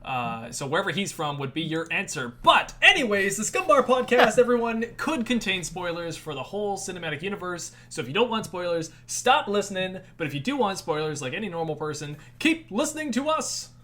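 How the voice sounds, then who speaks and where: Lively high-voiced male podcast host. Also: a little fast, hardly any pauses. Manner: jokey, laughs often, repeats a catchphrase. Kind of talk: casual podcast chat.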